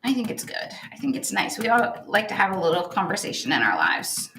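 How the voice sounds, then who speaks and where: A woman's voice: mid-range voice, sing-song, fairly quick, background noise. A woman co-hosting a crafting livestream, chatting casually and laughing as she works, full of "like" and "oh my gosh.". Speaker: co-host of a stenciling livestream. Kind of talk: casual chat while crafting.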